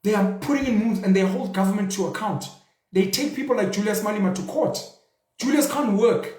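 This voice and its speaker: A man's voice: high-pitched, a little fast, darkish tone. A young South African man hosting his own show, speaking in a passionate, rhetorical way with mocking asides. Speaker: show host. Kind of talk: casual commentary monologue. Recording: roomy echo.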